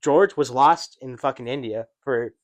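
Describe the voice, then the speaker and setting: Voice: medium pitch, unhurried. A podcast co-host poking holes in a theory in casual, argumentative chat with casual swearing. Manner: skeptical, argues, swears casually.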